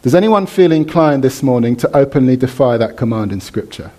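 A man preaching a sermon in church, animated, leading the congregation in reading and response. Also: mid-range voice, fairly quick.

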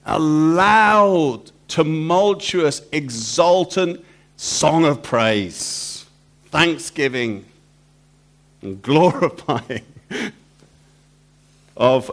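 A man's voice: on the high side, lively intonation, drawn-out words, long pauses, fairly bright tone. A man preaching a sermon, emphatic and repetitive, throwing rhetorical questions to the congregation.

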